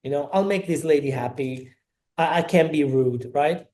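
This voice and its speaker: A man's voice: a little high, moderate pace. A middle-aged man from Naples, a podcast guest telling a personal story and acting out the dialogue as he goes. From Naples, Italy. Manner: animated, acts out quoted dialogue.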